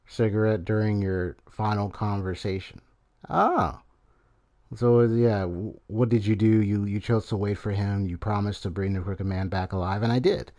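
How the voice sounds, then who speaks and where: A man's voice: on the low side, normal speed, darkish tone. A man streaming a game and giving casual commentary, rambling with many fillers and restarts.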